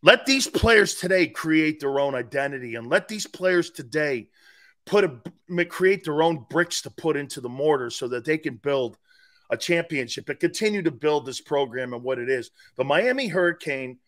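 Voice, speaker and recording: Animated, emphatic man in his fifties. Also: on the high side, normal speed. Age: 50s. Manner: animated and emphatic, with loud outbursts and repeated words. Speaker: guest, former player and sports radio host. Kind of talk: casual podcast interview.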